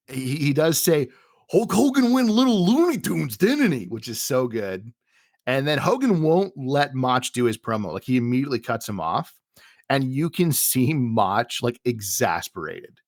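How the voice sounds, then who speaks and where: A man co-hosting a podcast in casual chat, retelling scenes in an animated way with frequent laughter. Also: mid-range voice, no room sound, clean studio sound. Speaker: podcast co-host.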